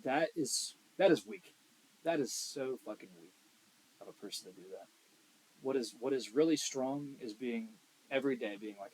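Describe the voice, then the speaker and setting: A young man co-hosting a podcast in casual chat, blunt and profane, swinging between loud emphasis and quiet asides. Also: mid-range voice, lively intonation, moderate pace, slight background noise, poor audio. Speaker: podcast co-host.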